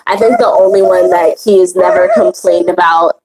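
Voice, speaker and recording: A woman's voice: fairly low pitch, fairly even intonation, moderate pace, very noisy. A woman hosting a women's spiritual circle, teaching in a casual, rambling way with many fillers and restarts and easy laughs.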